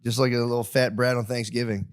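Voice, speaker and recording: A man's voice: medium pitch, flat delivery, quick pace. A young man hosting a podcast in casual chat, laughing often and acting out the people he quotes. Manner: laughing storyteller who acts out quoted voices. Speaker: podcast host.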